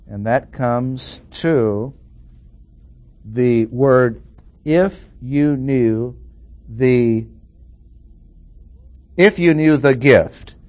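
Slow, deliberate male Bible teacher. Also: medium pitch, darkish tone. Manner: slow, deliberate explaining with repeated phrases. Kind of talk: verse-by-verse Bible lesson.

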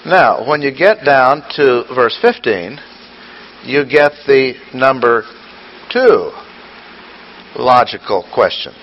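A man's voice: medium pitch, expressive, takes it slowly, pauses often, slight background noise. A man preaching a sermon, asking rhetorical questions and repeating his points for emphasis. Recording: dull lo-fi recording with faint ambience.

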